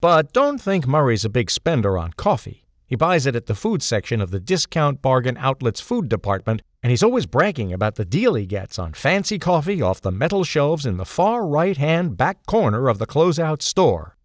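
An older man reading a comic first-person story in a playful, animated storytelling manner. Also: medium pitch, moderate pace, hardly any pauses, dry recording, clean studio sound.

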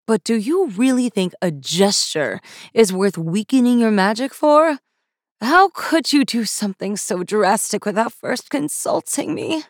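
A woman voicing a stern, exasperated queen mother who scolds in clipped, measured words. The dry, close sound keeps every sharp consonant clear. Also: fairly high pitch, animated, no echo. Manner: clipped, scolding through gritted teeth.

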